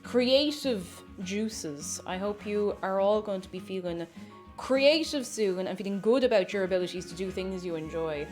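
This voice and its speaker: A woman's voice: medium pitch, expressive, normal speed, a little mellow, soft background music. A woman chatting casually and playfully while baking on a live stream, rambling and chuckling as she goes.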